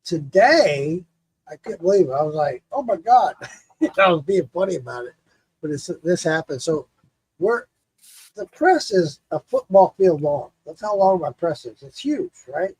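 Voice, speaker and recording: Speaking unhurriedly in a slightly high, breathy voice, this show host leads a laid-back drinking chat. The recording is rough but has no echo, and he spins lively stories full of swearing and laughter.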